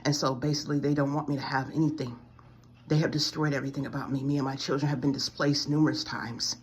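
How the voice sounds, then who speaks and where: A woman's voice: extremely low pitch, level tone, fast, a little hiss or hum. A woman in her forties giving a pleading, tearful spiritual testimony to camera, close to tears and repeating her complaints. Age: 40s. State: near tears.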